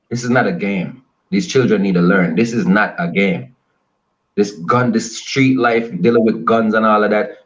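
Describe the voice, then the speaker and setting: This low-voiced man, a Jamaican musician from Spanish Town, appears as a guest on a casual radio interview. He speaks with an emphatic, repetitive, preacher-like cadence, and the recording has its high frequencies cut off.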